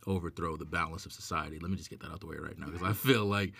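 A man hosting a podcast in casual chat, animated, laughing often and acting out quoted voices. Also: low voice, racing, vocal fry, breathy edge, no echo. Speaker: podcast host.

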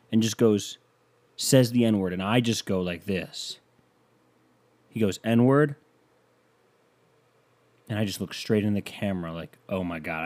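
A man's voice: on the low side, dark tone. A young man hosting a comedy podcast, telling rambling, self-mocking stories into a microphone. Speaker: podcast host. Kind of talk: comedic solo podcast monologue. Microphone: studio microphone.

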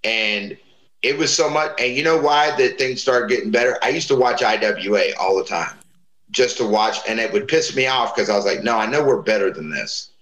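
A man's voice: on the low side, moderate pace, a bit bright, roomy sound, low-quality recording. A man casually telling profane wrestling stories, acting out the voices of people he quotes. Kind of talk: casual storytelling chat.

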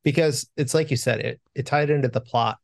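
A man's voice: mid-range voice, brisk, creaky, no echo, studio quality. A man co-hosting a film podcast, joking in a casual, self-deprecating way. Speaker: podcast co-host.

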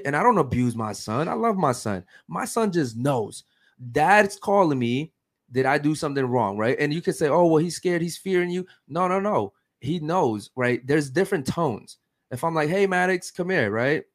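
Emphatic man hosting a podcast. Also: a little high. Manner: emphatic, keeps asking "right?". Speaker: podcast host. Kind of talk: casual podcast chat.

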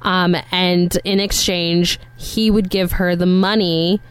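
Slow-talking woman with a smooth voice. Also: lowish voice, steady tone. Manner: unhurried, fillers like "like" and "um". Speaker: podcast co-host. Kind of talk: casual chat retelling a film.

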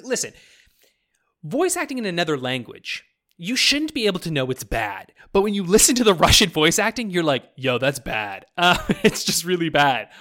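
A man's voice: a little high, pushed and bright. A young man from Canada casually chatting about video games, rambling, swearing freely and slipping into mock voices.

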